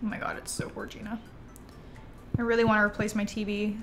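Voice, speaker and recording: A woman's voice: mid-range voice, monotone, fairly quick. A young woman streaming a farming game, chatting casually and bubbly with her viewers, with gasps and trailing asides. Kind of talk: casual gameplay chat with viewers. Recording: music playing in the background.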